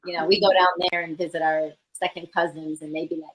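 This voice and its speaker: A woman's voice: sits low, level tone, poor audio. A woman from the Chicago area, a guest on a casual live stream chat, who teases and giggles often. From Chicago area, USA. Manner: giggly, teasing, quick to laugh.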